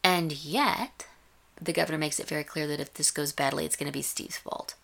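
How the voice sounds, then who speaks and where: Low-voiced woman in a chatty recap. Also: brisk, gravelly. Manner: chatty, analytical, animated retelling. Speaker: podcast host reviewing a TV episode. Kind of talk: casual recap and commentary.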